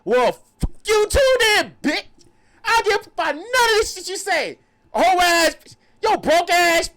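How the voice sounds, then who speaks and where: A man voicing a loud, erratic homeless man who shouts and swings from pleading to cursing. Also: extremely high pitch, sing-song, measured pace, voice pushed up, full character voice. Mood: ranting.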